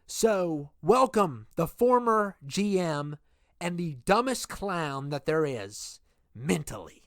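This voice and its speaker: A man voicing a scheming male dictator boss of a wrestling show, making slow, deliberate threats. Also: a little high, expressive, no room sound, studio quality. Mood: menacing. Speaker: wrestling show authority figure.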